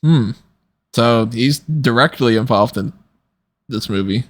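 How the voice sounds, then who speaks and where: A man's voice: mid-range voice, slow. A man hosting a podcast, talking in a rambling, casual way and laughing often, tired late at night. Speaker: podcast host. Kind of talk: casual commentary chat.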